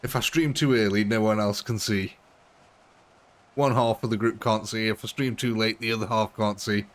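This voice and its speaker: A man talks to his live-stream viewers in a loose, chatty way, chuckling often. His voice sits a little low. It is late at night, and he is streaming from home. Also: steady tone, moderate pace. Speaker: game streamer. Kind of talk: casual live-stream chat.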